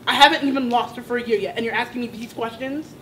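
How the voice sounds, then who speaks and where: A woman's voice: on the high side, fast talker, a bit bright, slight background noise, poor audio. A young woman, a college student, giving an impassioned and emotional personal testimony at a student sit-in. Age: young adult. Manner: impassioned, emotional, rising to indignant outbursts.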